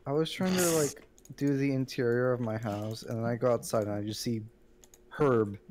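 A man's voice: mid-range voice, moderate pace, darkish tone, slight background noise. An exasperated man chatting in a casual gaming session, keyboard clicking behind.

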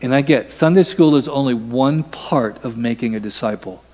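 A man's voice: medium pitch, moderate pace, darkish tone, long reverb tail. A man preaching a sermon as pastor, talking in a conversational way and acting out quoted voices. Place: church sanctuary.

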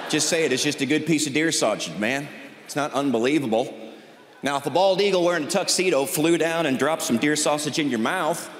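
A man in his forties performing stand-up comedy on stage, with incredulous, drawn-out sarcastic delivery. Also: a little high, lively intonation. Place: large hall with live audience. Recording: echoey hall with audience noise.

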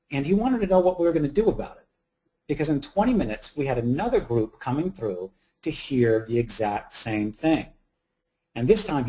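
A man tells a workplace anecdote to an audience with wry asides, in a voice of ordinary middle pitch. He speaks in a drab, windowless meeting room. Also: mellow. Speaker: communications consultant giving a talk. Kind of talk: storytelling presentation.

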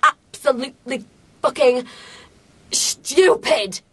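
A woman's voice: high voice, slow, bright, forceful tone, slight background noise. A young woman with a British English accent, trading cutting, sarcastic insults in a heated argument. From England. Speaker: reality show contestant.

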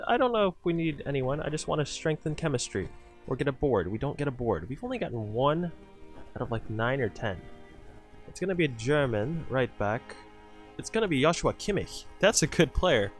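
A man giving live commentary over his own soccer video game match as a channel host, cheering on his players and talking to his viewers as "boys". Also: fairly high pitch.

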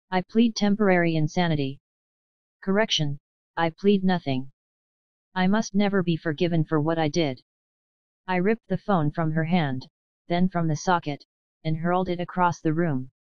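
A woman narrating a novel in the first person, in a measured storytelling manner. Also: lowish voice, darkish tone, smooth, no room sound, highs cut off. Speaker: audiobook narrator. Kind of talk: scripted audiobook narration.

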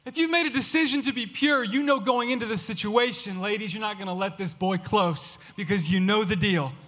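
Male youth pastor, impassioned sermon, very high bright voice, long hall reverb. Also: fairly quick. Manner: impassioned, repetitive exhortation, swings from loud to hushed.

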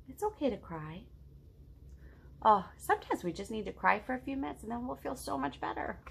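A middle-aged woman leading a children's storytime, reading a picture book aloud in a gentle, encouraging way and asking the children questions. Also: a little high, big pitch swings, fairly quick, gravelly, slightly rough.

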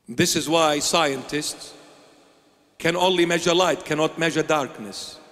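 The big-room sound carries a bishop's sermon, delivered slowly and with emphasis as he asks and then answers his own rhetorical questions. His tone is fairly bright and his pitch fairly high.

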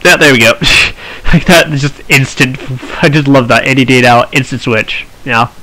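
A man's voice: medium pitch, steady tone, normal speed, sharp tone, poor audio. A man hosting a strategy game let's play, chatting and thinking aloud with wry asides. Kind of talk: strategy gameplay commentary.

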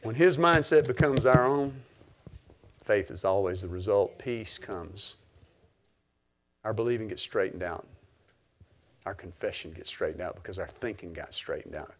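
A man pastor preaching a sermon, emphatic and at times near-shouting. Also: fairly low pitch, lively intonation, normal speed, long pauses.

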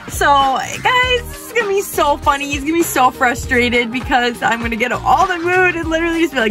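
A woman's voice: high-pitched, expressive, moderate pace. A young woman hosting a vlog, talking to camera in a chatty, eager way. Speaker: vlogger host. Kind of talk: casual talk to camera. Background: background music.

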